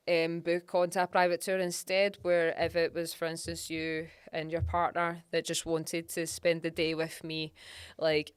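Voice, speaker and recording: A young Scottish woman hosting a casual podcast chat, talking in an animated storytelling way with frequent laughter. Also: low voice, smooth, dry recording. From Scotland. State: pregnant. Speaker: podcast host and geologist.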